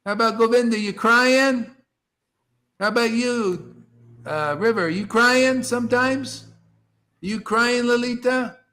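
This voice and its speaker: High-pitched guy preaching on a video call, fervent, goes quiet then loud. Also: slow, long pauses. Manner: fervent, preachy, swings between soft asides and loud exclamations. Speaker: spiritual teacher leading an online satsang. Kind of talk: impassioned devotional talk.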